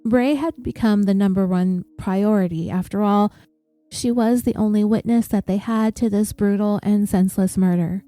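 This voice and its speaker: A woman hosting a podcast, telling a true crime story in a steady, measured way. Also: medium pitch, no echo, soft background music. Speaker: podcast host.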